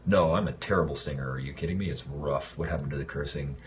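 A man from Los Angeles casually answering fan messages in a livestream, rambling and relaxed with lots of fillers. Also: very deep voice, quick pace. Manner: laid-back, rambling, loose with fillers. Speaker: actor answering fans.

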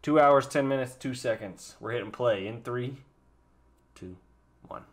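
Emotional, swearing young streamer. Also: male voice, medium pitch, a little slow. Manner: excitable, emotional, swears a lot. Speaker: streamer reacting to a musical. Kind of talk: casual live reaction.

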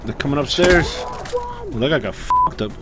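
Casual male gamer, jokey and foul-mouthed, pitch jumping wildly, loud gunfire behind. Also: normal speed, very noisy. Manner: loud, swearing, jokey, bursts of excitement. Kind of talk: casual chat while playing.

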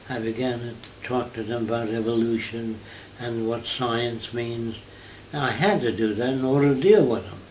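An older man from New York talks through his ideas in a relaxed, storytelling interview, moving from one anecdote to the next. Now and then he slips into mimicked accents before going back to his everyday voice. A faint hiss of background noise sits under the recording. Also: medium pitch, roomy sound, low-quality recording. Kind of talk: conversational storytelling.

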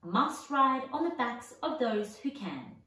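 A woman's voice: a little high, very animated, takes it slowly, bright, forceful tone, pitched above the performer's own voice, heavily acted. A woman voicing a majestic male lion who gives orders in a commanding way. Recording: echoey, distant mic.

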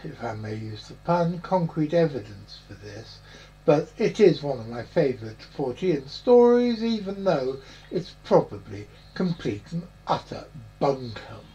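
A man's voice: on the high side, big pitch swings, a little slow, mellow, slight background noise, rough recording. A man hosting a podcast in a rambling, jokey chat full of puns. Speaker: podcast host. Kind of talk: casual chat.

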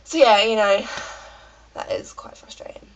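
A woman's voice: medium pitch, huge pitch swings, normal speed, dull audio. A British woman with a cold, ranting in a rambling, chatty vlog full of fillers. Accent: British English. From Britain. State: has a cold. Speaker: vlogger.

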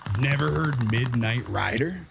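A man's voice: medium pitch, animated, normal speed, vocal fry, background noise. A man live-streaming a shooter game, joking and swearing with his co-player and chat. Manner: joking, swearing, breaks into singing. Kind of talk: casual live-stream banter. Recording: game music behind voice.

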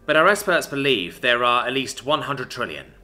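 Nervous male reptile ship captain, hesitant and formal, bright forceful tone, read by a man. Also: mid-range voice, big pitch swings, moderate pace, faint music behind. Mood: subdued.

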